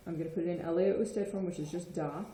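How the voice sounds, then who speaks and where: Teacher type: woman, low-ish mellow voice, patient explainer, roomy echo. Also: fairly even intonation, quick pace. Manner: patient, checks in with frequent "okay?". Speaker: Spanish teacher. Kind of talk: explanatory lesson. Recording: echoey room.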